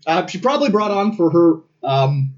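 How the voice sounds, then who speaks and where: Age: 20s. Sex: man. Role: podcast co-host. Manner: dry, wry asides. Pitch: fairly high. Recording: lo-fi. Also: sing-song, normal speed. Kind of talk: casual chat reviewing a TV episode.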